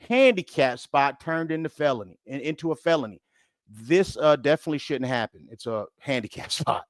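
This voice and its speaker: A man's voice: mid-range voice, no room sound, studio quality. Chatty man hosting a reaction video. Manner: casual, chatty, talks to viewers as guys. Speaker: host. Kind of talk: reaction commentary.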